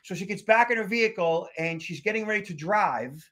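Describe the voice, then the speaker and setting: Chatty male podcast host from Boston, high voice, rambling anecdotal delivery. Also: expressive, a little fast, pushed and bright. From Boston area, USA. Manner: chatty, many fillers and restarts. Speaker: podcast host, security expert. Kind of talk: casual podcast storytelling.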